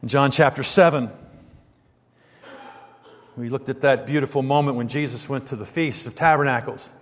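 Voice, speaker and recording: A man preaching a sermon, moving from quiet reflective passages to loud, emphatic stresses as he reads and explains scripture. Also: medium pitch, fairly even intonation, moderate pace, in a large hall.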